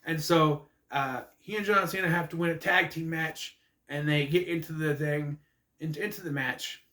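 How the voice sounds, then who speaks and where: A man's voice: fairly high pitch, moderate pace, sharp tone. A man rambling through a casual, jokey recap monologue with asides. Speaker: wrestling recap vlogger. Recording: echoey room.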